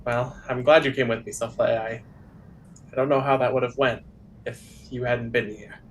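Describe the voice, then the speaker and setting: A man's voice: mid-range voice, fairly even intonation, moderate pace, slight background noise, close to an everyday voice. A man voicing a freshly fired servant in a tabletop game, talking plainly and shaken. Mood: relieved.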